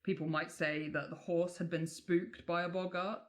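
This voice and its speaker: A woman's voice: fairly low pitch, little pitch movement, normal speed. Woman, from England, podcast co-host, casual folklore storytelling, chatty, swears freely.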